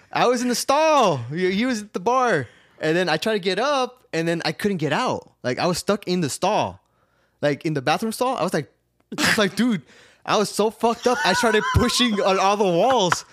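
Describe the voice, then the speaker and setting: Man, casual storyteller, profane, laughing, slightly high voice, dry close sound. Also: lively intonation, moderate pace, a bit bright, no echo. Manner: profane, laughing storyteller who acts out his own lines. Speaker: podcast co-host.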